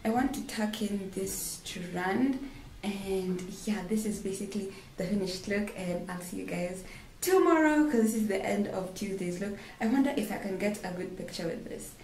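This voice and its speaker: Speaking at a moderate pace in a slightly mellow, mid-range voice, a young woman vlogs from her bathroom at home. She's chatty and self-deprecating, laughing frequently, recorded by a nearby camera with clear background music underneath.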